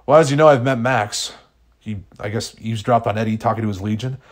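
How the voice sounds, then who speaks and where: A young male speedster explains himself urgently, as a man reads his lines, unsure of what he knows. He comes from a fan fiction story and speaks at a middling pitch. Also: a little fast, close to an everyday voice. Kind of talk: fan fiction read aloud.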